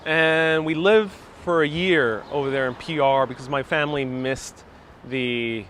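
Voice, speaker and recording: A man from New York City in his thirties, livestreaming a walking tour outdoors on a wireless lapel mic and telling childhood stories in a casual, animated way. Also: medium pitch, unhurried, slight background noise. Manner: animated storyteller, reads viewer comments aloud. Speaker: vlogger giving a live walking tour. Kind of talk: casual live-stream storytelling.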